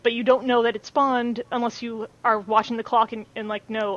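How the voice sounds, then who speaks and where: A woman's voice: a little high, flat delivery, normal speed, highs cut off, a crowd in the background. A woman chatting as a podcast guest, talking loosely with many fillers and restarts. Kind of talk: casual chat.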